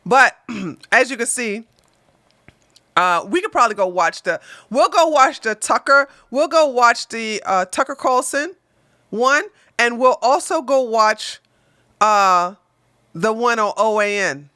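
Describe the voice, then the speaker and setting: A woman hosting a political livestream, ranting combatively and with lots of swearing, jumping between loud outbursts and quiet mutters. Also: on the high side, lively intonation, a little slow, no room sound, clean studio sound.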